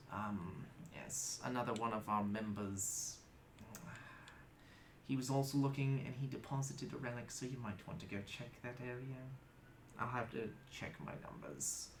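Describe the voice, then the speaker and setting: A man's voice: mid-range voice, measured pace, echoey room, slight background noise, lightly acted. A man voicing a fussy, meticulous male librarian with a slightly British accent, talking breathily through his teeth. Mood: fussy, polite. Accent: slightly British, put on.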